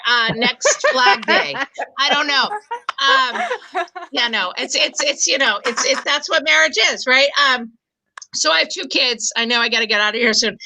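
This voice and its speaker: A woman in her forties performing stand-up, her voice pitched high and very bright. She talks in a self-deprecating way, stumbling through fillers and restarts as she builds toward each punchline. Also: low-quality recording. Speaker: stand-up comedian. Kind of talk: stand-up comedy set.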